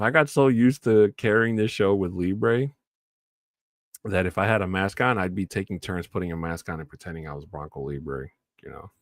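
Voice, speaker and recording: Casual, chatty lower-voiced male sports host. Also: normal speed, dry recording, clean studio sound. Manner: casual and chatty, swells into loud enthusiastic shout-outs. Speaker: sports talk show host. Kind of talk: solo sports talk show with live chat.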